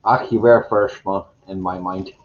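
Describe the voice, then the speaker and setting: A man hosting a casual live chat, greeting viewers by name in a slow, meandering way and chuckling to himself. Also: low-pitched, steady tone, muffled recording. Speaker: live stream host. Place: home room with green screen.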